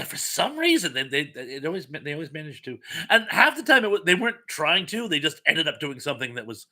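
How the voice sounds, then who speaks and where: During a relaxed live-stream chat, a man quizzes viewers on trivia between lively stories, speaking in a fairly high, bright, forceful voice. He's an animated, chatty storyteller who tosses in self-mocking asides.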